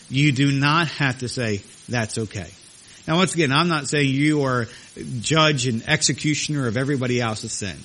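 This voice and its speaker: A man's voice: medium pitch, pushed and bright. A man preaching a sermon as pastor, emphatic and repetitive, his voice jumping up when he acts out quoted voices. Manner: emphatic, repeats phrases, rises sharply for quoted voices.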